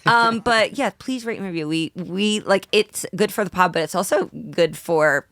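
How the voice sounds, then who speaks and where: Bright, bubbly woman co-hosting. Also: medium pitch, no echo. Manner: bubbly, quick jokes, frequent laughter. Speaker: podcast co-host. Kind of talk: casual comedy podcast chat.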